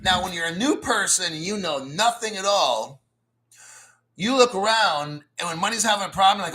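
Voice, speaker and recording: Blunt, bright-voiced crypto host. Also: male voice, sits high, moderate pace. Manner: blunt, profane, frequent throat-clearing; mocks newcomers with sarcastic put-on quotes. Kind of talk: casual livestream commentary.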